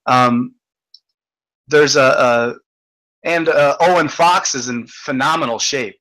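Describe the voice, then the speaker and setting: A man's voice: medium pitch, slow pace, fairly bright tone, poor audio. A man hosting an online hangout, ranting in casual chat, swearing and restarting often. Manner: profane, ranting, stammering restarts. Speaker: host.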